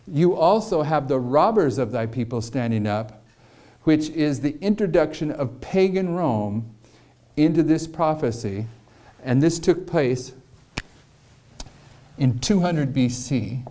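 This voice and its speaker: A man's voice: a little high, expressive, takes it slowly, long pauses, mellow. A man giving a prophecy lecture, explaining carefully with repeated questions and emphasis. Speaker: preacher.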